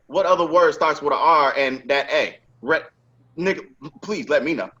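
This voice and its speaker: A male podcast host telling a story in emphatic, profane, casual talk. His voice is on the high side and moves a lot in pitch. The sound is dull and lo-fi. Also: expressive, brisk, bright, forceful tone.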